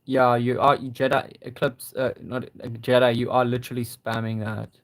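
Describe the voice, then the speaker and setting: A young man hosting a casual livestream, reading viewer comments and gently encouraging them. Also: medium pitch, flat delivery, moderate pace. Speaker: livestream host.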